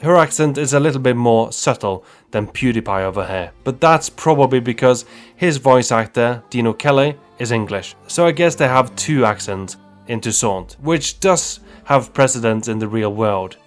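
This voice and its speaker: A man's voice: mid-range voice, lively intonation, moderate pace, faint music behind. A man narrating a humorous video game story recap with wry, joking asides. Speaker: YouTube narrator.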